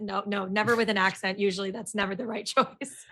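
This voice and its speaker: A woman actor as a podcast guest, talking in a bubbly, energetic way full of fillers and restarts. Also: mid-range voice, a little fast. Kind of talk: casual podcast chat.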